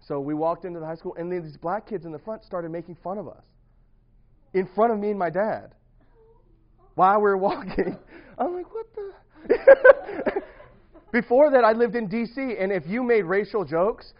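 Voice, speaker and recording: A young man with a slightly high voice tells a rambling story to a few friends, laughing often and restarting his sentences. The recording is muffled and lo-fi, with the top end dulled. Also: moderate pace. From grew up partly in the US Midwest. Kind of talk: casual storytelling to a small group.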